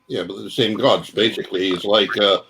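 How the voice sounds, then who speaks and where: A man's voice: lowish voice, steady tone, brisk, creaky, sharp tone, a little hiss or hum. A man chatting on a video call as a guest, eager to correct the others and often talking over them. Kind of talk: casual group chat.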